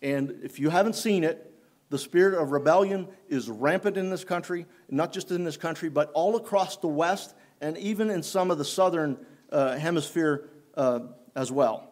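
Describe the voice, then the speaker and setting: A man preaching a sermon in church, unhurried and halting, often restarting his phrases. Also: a little high, darkish tone. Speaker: pastor.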